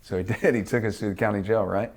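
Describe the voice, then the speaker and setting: Gravelly, low-voiced man telling a story. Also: quick pace. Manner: profane, lively storyteller who acts out quotes. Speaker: interview guest. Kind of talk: casual storytelling interview.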